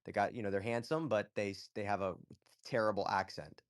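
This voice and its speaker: A man's voice: lowish voice, fairly quick. A man hosting a casual live audio chat, giving blunt, profane advice and often checking in with "okay?". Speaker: host.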